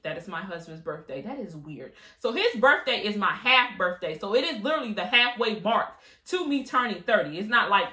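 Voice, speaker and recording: A woman's voice: medium pitch, pushed and bright, echoey room. A woman in her late twenties hosting a podcast, talking in a chatty, slangy, candid way. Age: late 20s. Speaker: podcast host. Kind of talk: casual solo podcast chat.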